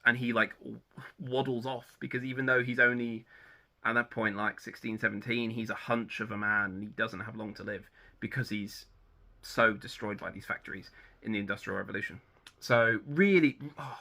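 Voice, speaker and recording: A man talks through his favourite stories in an unscripted, rambling way, often pausing on "um" and restarting his sentences. His voice is strikingly bright and forceful, and it sits at an ordinary middle pitch. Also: steady tone, gravelly. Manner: chatty and rambling, with frequent ums and restarts. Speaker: book reviewer. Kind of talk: casual spoken book review.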